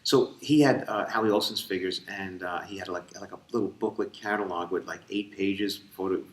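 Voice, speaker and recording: A man's voice: low voice, fairly quick. A middle-aged man, telling a rambling story in a casual interview, tired and full of fillers. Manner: rambling, animated, many fillers and restarts. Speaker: ventriloquist interviewee. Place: convention room. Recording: echoey room, voice from far off.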